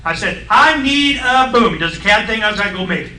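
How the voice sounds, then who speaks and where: A middle-aged man on a radio talk show, explaining science in a blunt, folksy, excitable way and acting out voices in his stories. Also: high voice, a little fast, roomy sound, recorded from a distance, poor audio.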